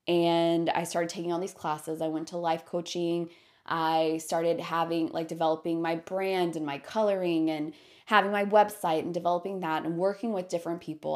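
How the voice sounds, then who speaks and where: A woman hosting her own podcast talks through a personal story in a loose, chatty way. She peppers her talk with filler words and corrects herself mid-sentence. Her voice sits on the lower side for a woman. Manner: chatty, animated, many filler "like"s and self-corrections. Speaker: podcast host.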